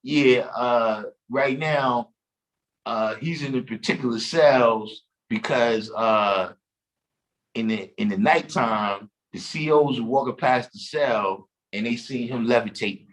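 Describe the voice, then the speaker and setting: Male co-host, mid pitch, unhurried drawl, casual slang storyteller. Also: rough recording. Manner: slow, laughing storyteller, street slang. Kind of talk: casual live-stream chat.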